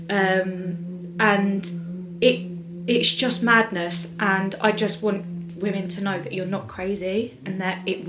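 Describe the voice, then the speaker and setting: A young woman telling a personal story to camera in a rambling, chatty way, full of fillers and restarts. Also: medium pitch. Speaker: vlogger. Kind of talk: casual storytime monologue.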